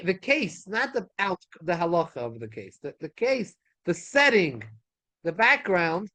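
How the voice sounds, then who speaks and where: Rabbi teaching a Talmud class in a synagogue study hall; high for a man, lively, repeats himself, rhetorical questions. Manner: animated, repeats phrases, asks rhetorical questions. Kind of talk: Torah class lecture.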